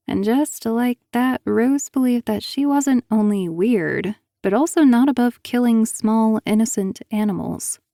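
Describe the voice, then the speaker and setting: Mellow woman reading an audiobook. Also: mid-range voice, a little slow, few pauses, dry recording, studio quality. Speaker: audiobook narrator. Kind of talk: scripted audiobook narration.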